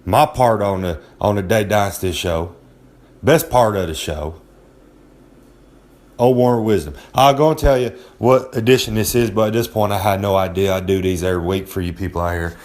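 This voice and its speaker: A man's voice: fairly low pitch, normal speed, darkish tone, natural voice. A man playing a cocky wrestler blowhard. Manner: cocky, rambling, talks down to listeners. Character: brash boastful male pro wrestler persona. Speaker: recurring segment host. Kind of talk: comedic rambling monologue.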